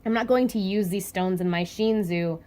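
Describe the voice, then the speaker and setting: A woman reading aloud the lines of a calm, powerful male mentor figure in a measured way. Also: medium pitch, natural voice.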